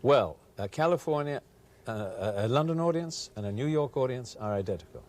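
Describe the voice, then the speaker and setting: A man's voice: mid-range voice, lively intonation, brisk, darkish tone. A man being interviewed as a guest on a TV show, speaking mildly and hesitantly with many ums. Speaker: actor, guest. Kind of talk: casual interview chat. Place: TV studio.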